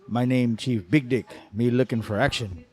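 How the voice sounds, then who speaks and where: A boastful joke chief, as a male comedian puts him on, stating everything in clipped broken pidgin. The voice sits at an everyday middle pitch, plain and deadpan rather than fully acted. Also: moderate pace, noisy background, close to an everyday voice.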